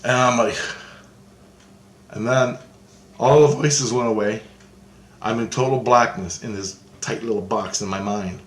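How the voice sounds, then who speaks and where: A man's voice: medium pitch, fairly even intonation, measured pace, pauses often, reverberant, low-quality recording. A man giving a rambling first-person account of a spiritual vision, restarting and repeating his phrases as he goes.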